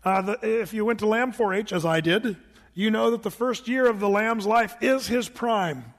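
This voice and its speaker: A man's voice: high-pitched, moderate pace, long reverb tail. A middle-aged man, a pastor, preaching a sermon in a conversational way, with rhetorical questions and asides to the congregation.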